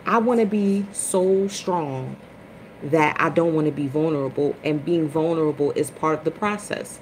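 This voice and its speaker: A woman hosting a casual spiritual livestream chat, chatty and expressive, greeting viewers by name. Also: normal speed, a little hiss or hum, poor audio. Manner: dramatic swings into high, loud retellings. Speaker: livestream host.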